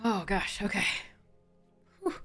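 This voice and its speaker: A young woman chats with her stream audience while she drafts cards, thinking out loud and greeting viewers. Her voice sounds a little tired, and soft music plays behind her. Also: mid-range voice, very animated, slow pace, breathy edge. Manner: chatty, thinks aloud, greets chat warmly.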